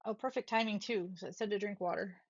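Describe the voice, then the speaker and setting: A woman live-streaming from her home office, chatting casually and talking to her pets in a soft, chatty way. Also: medium pitch, quick pace, slightly rough, dry recording, dull audio. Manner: chatty, soft-spoken, talks to her pets, laughs often.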